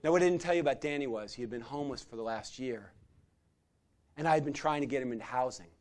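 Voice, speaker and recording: A middle-aged man, a secular humanist chaplain, telling stories in a sermon-style talk to a community gathering, swinging from loud to quiet. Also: medium pitch, quick pace. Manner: animated storyteller who swings from loud chanting to quiet intensity.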